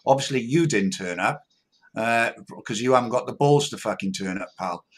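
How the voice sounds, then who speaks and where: A man hosts a casual livestream and reads viewer comments aloud. He talks in a relaxed way, often restarts his sentences, and calls people "mate". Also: medium pitch, normal speed. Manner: laid-back, stumbling restarts, says "mate". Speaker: livestream host.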